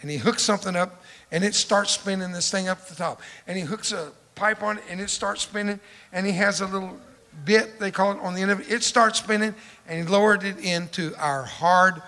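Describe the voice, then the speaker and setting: An older man spinning a humorous folksy yarn and acting out every voice in it. His voice sits a touch higher than most men's and carries a long echo from a large hall. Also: brisk. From Texas. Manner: animated, acts out dialogue. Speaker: storyteller speaker.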